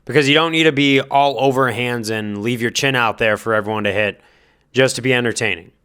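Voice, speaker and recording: A man speaking in a smooth, resonant voice at a middling pitch, talking through a fight matchup. He thinks aloud, hedges his guesses and turns to give direct advice. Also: a little fast, fairly bright tone. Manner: speculative, hedging, thinking aloud. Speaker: fight commentary vlogger. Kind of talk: casual spoken commentary.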